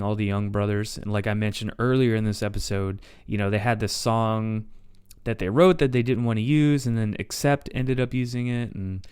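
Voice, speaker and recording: A man's voice: fairly low pitch, darkish tone, clean tone, dry recording, studio quality. A man hosting a podcast, telling history in a loose, conversational way with fillers. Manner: loose and conversational, reads quotes aloud. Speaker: podcast host. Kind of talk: casual history narration.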